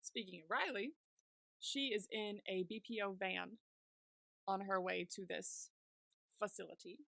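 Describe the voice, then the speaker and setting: A woman's voice: mid-range voice, steady tone, a little slow, creaky, long pauses, a bit bright, no echo. A young woman co-hosting a podcast, casually recapping a series with lots of "like" fillers. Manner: chatty, many "like" fillers while retelling scenes. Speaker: podcast co-host.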